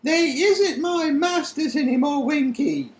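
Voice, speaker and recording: A man voicing a small, grateful male house-elf with a squeaky, very high voice and broken grammar, in a roomy-sounding recording. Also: takes it slowly, a little mellow. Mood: defiant. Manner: ungrammatical, defiant elf speech. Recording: roomy echo.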